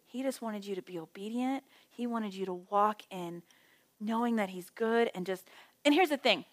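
A woman's voice: mid-range voice, moderate pace. Chatty woman teaching a Bible study. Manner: conversational, animated storytelling with acted quotes. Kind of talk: casual teaching talk.

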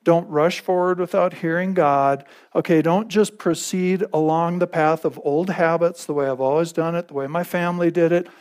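A man's voice: a little high, steady tone, normal speed, few pauses, darkish tone, clean tone. A male pastor preaching a conversational sermon, repeating phrases and checking in with his listeners.

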